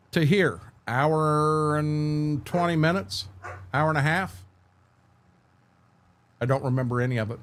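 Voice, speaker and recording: A middle-aged man, hosting a casual livestream from home. He tells candid, meandering stories, often restarting his sentences, and answers his viewers by name. His voice sits in an ordinary middle pitch. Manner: rambling, candid storytelling, frequent restarts, answers chat by name. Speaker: livestream host.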